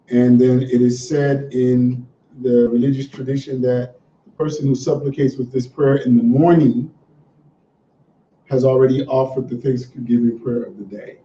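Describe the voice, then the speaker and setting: A man's voice: mid-range voice, normal speed. A man leading a religious class, talking in an easygoing, encouraging way before reading a prayer to the group. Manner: relaxed, conversational, encouraging. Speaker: class teacher. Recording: dull, roomy sound from a distant mic.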